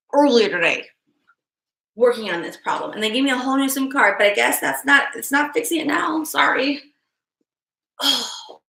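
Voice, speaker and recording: A woman's voice: fairly high pitch, gravelly, sharp tone. Frustrated woman tarot reader, echoey room. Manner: frustrated, mutters to herself, swears. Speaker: tarot reader and livestream host. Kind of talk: casual livestream chat.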